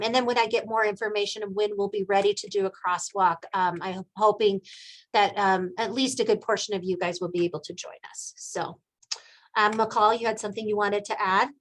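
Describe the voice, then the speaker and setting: A woman's voice: mid-range voice, steady tone, moderate pace. A woman from Montana leading an online meeting, talking in a chatty, folksy way and laughing often. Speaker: meeting facilitator.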